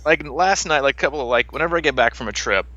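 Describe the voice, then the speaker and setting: Animated chatty man laughing through stories. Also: mid-range voice, fast talker, dull audio, slight background noise. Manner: animated, laughing, lots of "like" fillers. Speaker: podcast host. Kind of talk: casual chat.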